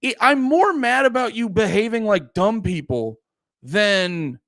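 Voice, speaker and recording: A comedian from Pennsylvania hosts a livestream, talking to his chat in a profane, rambling, heated way. His high-pitched voice has lively intonation and an unhurried pace, sounding a bit bright in clean studio audio with no room sound.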